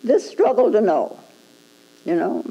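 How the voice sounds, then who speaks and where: A woman's voice: mid-range voice, huge pitch swings, unhurried, gravelly, dark tone, slightly rough, rough recording. A woman Zen teacher giving a dharma talk, prodding her listeners with rhetorical "hmm?" questions and chuckling at her own points.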